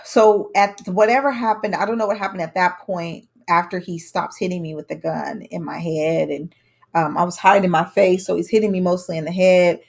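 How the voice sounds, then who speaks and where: A woman in young adulthood speaks straight to the camera, telling her own story in a candid, conversational way. Her voice sits at an ordinary middle pitch. When she repeats other people's words, she acts them out with emphasis.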